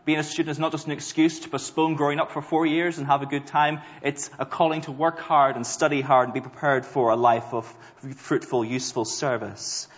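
A man's voice: fairly high pitch, steady tone. Man preaching in a reverberant hall. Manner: earnest, varied emphasis with slow stressed words. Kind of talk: sermon. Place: church hall. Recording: dull sound with long hall reverb.

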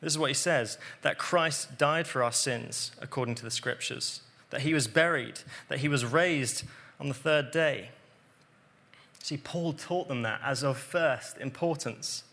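A man preaching a sermon, explaining scripture earnestly and dropping to quiet emphasis on key points. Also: medium pitch, unhurried, vocal fry.

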